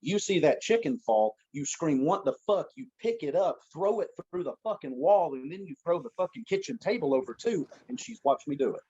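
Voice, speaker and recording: Gym coach guy, blunt and cussing a lot, husky voice, muffled lo-fi sound. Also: on the high side, big pitch swings, brisk, few pauses, mellow. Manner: blunt, profane and emphatic. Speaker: guest, strength coach and gym owner. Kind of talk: casual podcast chat. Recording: dull lo-fi sound.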